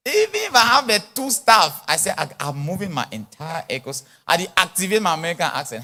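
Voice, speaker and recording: A conference sermon comes from a man whose voice is on the high side and a little fast. Set in a large church or conference hall, he speaks animatedly with an influence, uses pidgin English, and acts out small exchanges.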